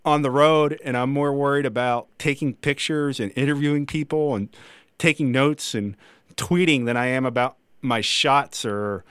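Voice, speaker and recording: A man's voice: medium pitch, normal speed, fairly bright tone, clean tone, no room sound, studio quality. A man hosting a casual podcast, easygoing and self-deprecating as he reacts to his guest. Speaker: podcast host.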